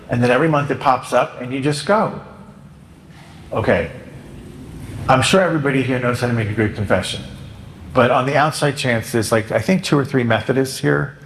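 A man, a Catholic priest, giving a humorous homily in a joking, animated way, now and then acting out penitents' voices. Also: mid-range voice, slight background noise. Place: church. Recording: echoey church hall.

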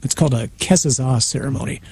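A man, a priest guest on a radio interview, retelling a story in a conversational, animated way. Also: mid-range voice, fast, a little hiss or hum. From United States. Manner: conversational, acts out voices in his retelling, frequent restarts.

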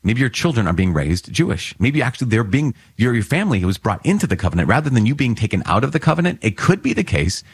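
A man's voice: mid-range voice, very animated, fast, few pauses, slightly rough, dry recording. A man giving a conversational homily on scripture readings, earnest and plain-spoken with fillers and light laughs. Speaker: priest.

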